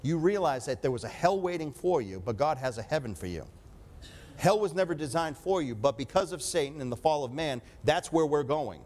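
A man's voice: on the high side, expressive, brisk, darkish tone. A man preaching a sermon with emphatic delivery, often calling for an amen.

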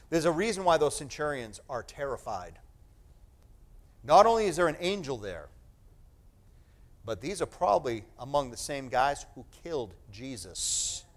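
A male pastor preaching a sermon, reading scripture aloud with emphatic, dramatic stress and slowed-down key phrases. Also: mid-range voice, sing-song.

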